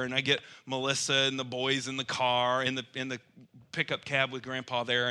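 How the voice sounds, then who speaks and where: A man preaching through a lively, self-mocking personal story. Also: medium pitch. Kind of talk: storytelling sermon.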